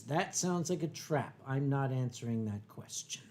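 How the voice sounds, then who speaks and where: A man's voice: mid-range voice, animated, normal speed, few pauses, darkish tone. An older man hosting a livestream, chatting casually and reading out viewer comments in a rambling, stammering way. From United States. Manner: rambling, stammering, self-deprecating. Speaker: livestream host.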